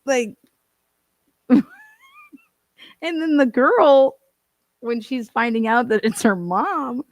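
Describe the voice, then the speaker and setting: A woman's voice: on the high side, slow, no echo. A woman hosting a casual livestream, chatting and reading out viewer comments, swearing and laughing often. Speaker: livestream host reading chat.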